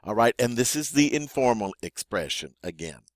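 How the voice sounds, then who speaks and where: A man's voice: medium pitch, big pitch swings, moderate pace, dry recording, studio quality. A man teaching a vocabulary lesson, saying each word twice and then giving its meaning. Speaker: French teacher.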